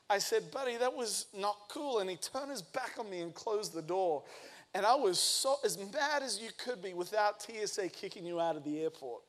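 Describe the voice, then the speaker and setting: A man in his thirties preaching a sermon, telling a lively personal story and acting out the quoted lines. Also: high-pitched, normal speed. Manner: energetic storytelling, acts out quotes. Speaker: pastor.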